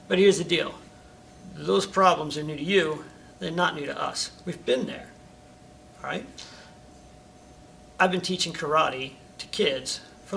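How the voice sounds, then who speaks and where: A man's voice: vocal fry, fairly bright tone. A middle-aged man, a karate instructor, talking casually to his students and coaching them, often checking in with "all right?". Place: karate school training hall. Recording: distant mic, faint rumble.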